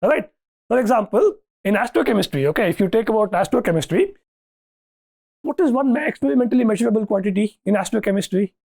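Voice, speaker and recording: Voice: mid-range voice, creaky, a little mellow. A lecturer giving a university lecture, thinking aloud with restarts and often asking "okay, right?" to check that students follow.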